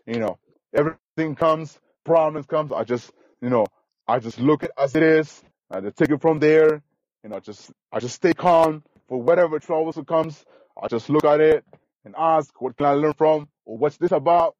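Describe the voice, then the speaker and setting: A man's voice: fairly high pitch, moderate pace, a little mellow, no echo, lo-fi sound. A man as a podcast guest, talking earnestly and enthusiastically, repeating himself, with uneven grammar. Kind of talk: casual interview.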